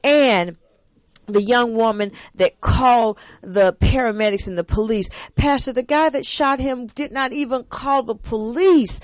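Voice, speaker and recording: A woman's voice: fairly high pitch, a little slow, no room sound, poor audio. A woman hosting a faith-based talk show, speaking with passion and often addressing her guest as Pastor. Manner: impassioned, repeatedly addressing the pastor. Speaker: host.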